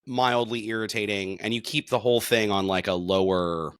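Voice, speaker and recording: A man co-hosting a casual reaction discussion, talking emphatically and rising sharply in pitch and volume when he stresses a point. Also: steady tone, moderate pace, smooth, dry recording. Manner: emphatic, gets sharply louder and higher when making a point. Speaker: podcast co-host.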